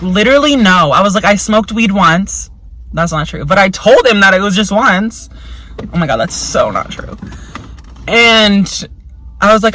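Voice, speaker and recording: A woman's voice: mid-range voice, pushed and bright, poor audio. A young woman telling a story in a casual vlog. She is chatty and frank, swears a lot, fills her speech with "like", and slips into voices when she quotes people. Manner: chatty and frank, heavy swearing and lots of "like" fillers. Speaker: vlogger.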